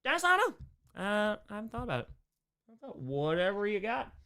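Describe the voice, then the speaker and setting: Answering superchats on a live Q&A, a young New Yorker keeps things loose and upbeat with fast shout-outs to donors. He speaks in a high, clean voice that rises and falls energetically while he riffs.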